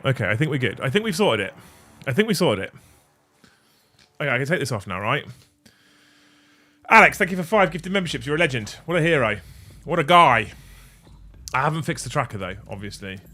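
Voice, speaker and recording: A man's voice: medium pitch, very animated, a little fast, pauses often, pushed and bright. A man hosting a livestream, chatting casually and swearing freely as he fixes his audio settings. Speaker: livestream host. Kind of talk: casual stream chat. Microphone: studio mic on a desk mixer.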